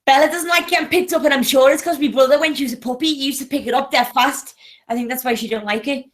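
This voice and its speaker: A chatty woman with an English accent and a high, light voice. She talks in a loose, casual way and coos gently now and then. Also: fairly even intonation, fast. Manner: chatty, coos softly to her pet. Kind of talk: casual chat.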